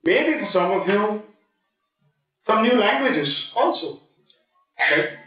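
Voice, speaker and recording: A man's voice: high voice, very animated, slow pace, soft background music. A middle-aged man with an Indian English accent, a guest speaker giving a playful motivational talk that quizzes and jokes with students. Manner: playful, joking, quizzing the audience. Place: large lecture hall. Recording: echoey hall, distant dull mic.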